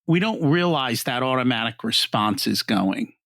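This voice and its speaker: A podcast host with a gravelly, medium-pitched voice speaks at normal speed in a conversational interview. He's lively and chatty, relating pop-culture examples from TV. The studio sound is clean, with no room sound.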